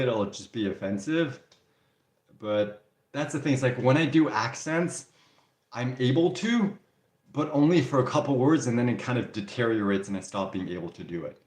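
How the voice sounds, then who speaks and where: A man hosting a live stream, answering viewer comments in a relaxed, candid way with frequent restarts. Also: lowish voice. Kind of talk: casual live Q&A chat. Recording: roomy echo.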